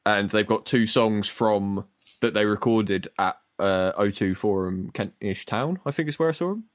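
Sweary podcast host, low voice. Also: male voice, normal speed, no room sound, studio quality. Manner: animated, sweary, storytelling. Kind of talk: casual chat.

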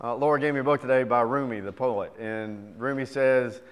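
A middle-aged male pastor preaching a sermon. His voice sits at an ordinary pitch and carries a long reverb, as if heard in a large hall. He moves between lively joke-telling and a quieter teaching tone. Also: normal speed, hardly any pauses, smooth. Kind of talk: sermon with scripture reading and jokes.

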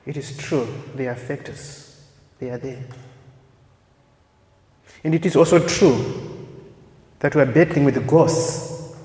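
A man preaching a sermon, emphatic and repetitive, swinging from loud peaks to soft, quiet phrases. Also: medium pitch. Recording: echoey hall with long reverb.

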